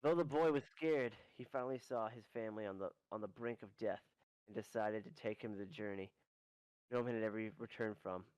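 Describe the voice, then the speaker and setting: A man's voice: lowish voice, a little fast, clear, resonant tone, no echo, rough recording. Man running a tabletop game, dry sound. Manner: rambling, animated storytelling with restarts. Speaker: game master.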